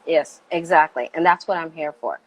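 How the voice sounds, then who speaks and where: A woman with a fairly low voice speaking as a guest in an interview. She talks with passion and force and gets louder when she makes a point. Her delivery is animated and emphatic. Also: moderate pace, muffled recording, a little hiss or hum.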